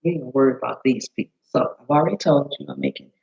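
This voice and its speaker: A woman's voice: rapid-fire, vocal fry. Chatty woman chef streaming live. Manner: chatty, greets viewers by name, bursts into high excited greetings. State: slightly hoarse. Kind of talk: casual live-stream cooking demo. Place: home kitchen. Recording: slightly dull lo-fi live-stream audio.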